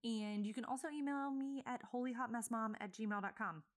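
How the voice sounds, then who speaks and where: A woman's voice: on the high side, moderate pace. A woman in her thirties from Virginia hosting a podcast, chatting loosely with many fillers and self-corrections, a little out of breath. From Virginia, USA. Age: 30s. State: a bit out of breath. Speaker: podcast host. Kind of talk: casual solo podcast intro.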